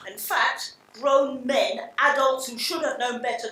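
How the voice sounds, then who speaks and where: A woman's voice: high-pitched, fairly even intonation, measured pace, bright, forceful tone. An older woman from England with a London accent, giving a blunt, reflective public talk with frequent restarts. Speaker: panel speaker. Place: large hall. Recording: roomy hall sound from a distance.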